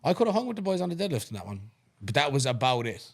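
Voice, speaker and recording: Irish male podcast co-host, mid-pitch, easygoing and rambling, young adult. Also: racing. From Ireland. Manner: relaxed, rambling, restarts sentences often. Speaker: podcast co-host and strongman competitor. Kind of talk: casual chat.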